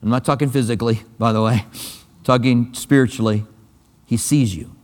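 A man's voice: medium pitch, steady tone, moderate pace, darkish tone. A pastor preaching a sermon in a conversational, emphatic way, often repeating his key phrases. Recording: long reverb of a large hall.

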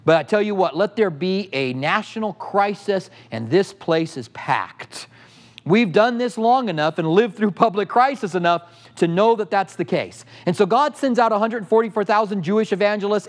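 A man's voice: high voice, lively intonation, normal speed. A middle-aged male pastor teaching a sermon with passion, firing off rhetorical questions at the congregation.

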